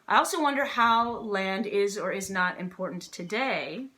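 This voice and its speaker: A woman's voice: mid-range voice, expressive, normal speed, pushed and bright. A woman teaching a casual Sunday school lesson, chatty and playful and often laughing. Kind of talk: casual children's church lesson.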